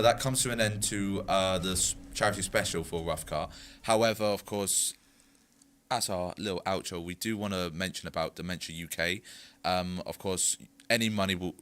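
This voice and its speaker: A man hosting a film review show, chatting casually with quick quips and wrapping up the episode. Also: low voice, bright, forceful tone. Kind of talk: casual chat.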